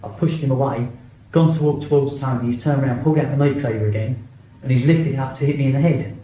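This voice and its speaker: Middle-aged bloke, quick and blunt, swears a lot, restarts his sentences, really echoey room. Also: mid-range voice, a little hiss or hum. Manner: blunt, swears often, stumbles and restarts while reliving events. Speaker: interviewee. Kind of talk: first-person account in an interview. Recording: very echoey, dull-sounding room recording.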